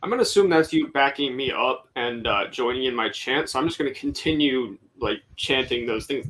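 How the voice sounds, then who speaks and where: A man's voice: mid-range voice, animated, fairly quick, few pauses, a bit bright, poor audio. A man playing a tabletop game, insistent and arguing for his turn. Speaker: player. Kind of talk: casual tabletop play.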